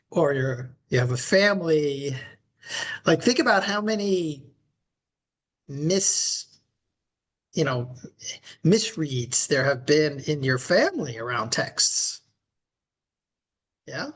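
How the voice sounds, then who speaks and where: A man co-hosting a podcast and working as a leadership coach, talking in a reflective, measured way. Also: fairly high pitch, expressive. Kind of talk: casual podcast conversation.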